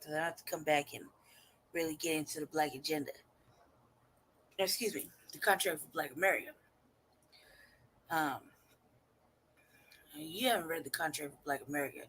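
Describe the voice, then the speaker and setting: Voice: medium pitch, moderate pace, long pauses, fairly bright tone, a little hiss or hum. A channel host reacting to a clip in casual commentary, laughing often, swearing freely and rambling.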